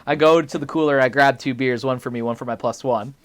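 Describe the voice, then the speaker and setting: A young man hosting a podcast, telling a story in a casual, animated way with lots of laughter and swearing. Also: medium pitch, fast talker. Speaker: podcast host.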